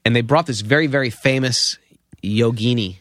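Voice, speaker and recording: A man in his fifties, a podcast guest, telling an anecdote with lively acted-out quotes. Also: mid-range voice, moderate pace, dry recording, studio quality. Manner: lively storyteller acting out quoted voices. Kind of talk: anecdotal storytelling.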